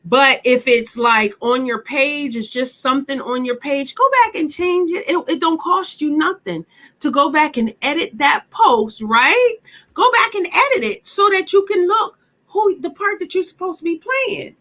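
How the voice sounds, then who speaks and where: High bright-voiced woman teaching a workshop. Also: expressive, moderate pace. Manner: emphatic, chatty, repeats points for effect; talks straight to the audience with questions. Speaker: workshop instructor. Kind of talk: live online workshop teaching.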